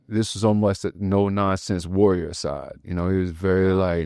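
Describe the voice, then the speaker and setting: A man hosting a podcast, telling a personal story in a loose, slangy, animated way and acting out the voices in it. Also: low voice, moderate pace, smooth, no echo, studio quality. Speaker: podcast host. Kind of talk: casual conversation.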